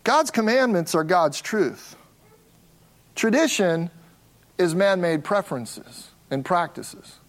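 A pastor with a strikingly high voice gives an animated expository sermon. He presses hard on key words, slowing down to emphasize them.

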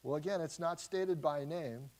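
Man preaching an animated expository sermon. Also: on the high side, normal speed. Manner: conversational, animated teaching with frequent restarts. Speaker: pastor.

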